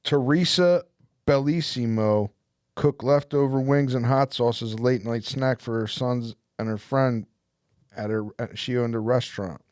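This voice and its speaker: A man on a comedy podcast explaining his point plainly and matter-of-factly. His pitch sits in an ordinary middle range. The recording is dry and close. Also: measured pace, darkish tone, no echo. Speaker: podcast co-host. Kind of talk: casual comedy podcast banter.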